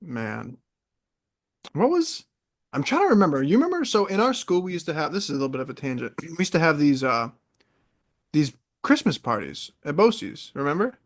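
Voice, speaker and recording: A young man in casual podcast chat, an animated storyteller who wanders into tangents. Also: on the high side, normal speed. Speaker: podcast co-host.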